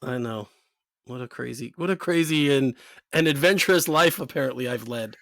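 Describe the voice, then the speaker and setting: A man's voice: mid-range voice, normal speed, vocal fry, a bit bright, dry recording, clean studio sound. A man co-hosting a casual podcast, laid-back and rambling, laughing often. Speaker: podcast co-host.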